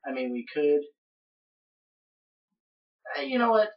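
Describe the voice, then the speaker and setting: Woman gamer, low voice, rambling let's-play commentary, dull lo-fi recording. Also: very animated, slow pace. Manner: rambling, chatty, narrates each step. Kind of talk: casual game commentary.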